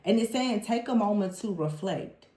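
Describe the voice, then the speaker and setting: A woman talks through a tarot reading with lively exasperation, now and then mimicking the people she describes. Her voice sits in a middle range. The room around her adds a noticeable echo. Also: mid-range voice, moderate pace. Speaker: tarot reader. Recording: roomy echo.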